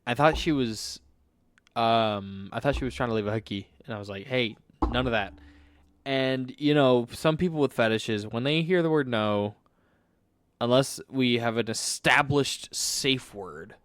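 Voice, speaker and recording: A man's voice: mid-range voice, unhurried, pauses often, a bit bright, no echo. A man co-hosting a podcast in casual chat, blunt and swearing as he tells stories with quoted reactions into a studio microphone. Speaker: podcast co-host.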